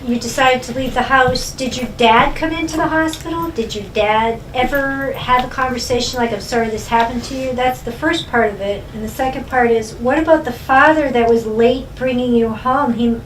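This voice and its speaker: A woman's voice: fairly high pitch, normal speed, hardly any pauses. A woman in the audience asking the speaker an earnest, slightly hesitant question at a library event. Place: library meeting room. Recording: echoey room, distant mic, faint noise.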